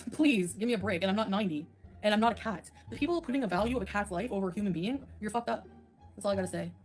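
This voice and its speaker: A woman's voice: mid-range voice, lively intonation, fast, faint music behind. A woman on a casual livestream, ranting bluntly and sarcastically and laughing often.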